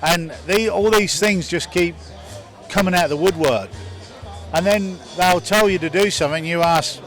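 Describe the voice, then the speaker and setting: A man's voice: high voice, moderate pace, a bit bright, faint music behind. A man talking casually about his business in an interview, telling anecdotes. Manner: chatty, anecdotal. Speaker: business owner interviewed at an event.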